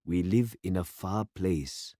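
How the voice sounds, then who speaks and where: A man voicing a grave, elderly village pastor in a story read aloud, speaking slowly and formally. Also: deep voice, warm tone, no room sound, studio quality. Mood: solemn. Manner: slow, solemn and formal.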